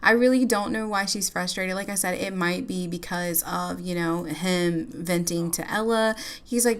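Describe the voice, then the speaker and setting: A woman's voice: on the low side, moderate pace. Chatty woman narrating her game. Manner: chatty, giggly, lots of filler words. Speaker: gameplay YouTuber. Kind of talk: casual gameplay commentary.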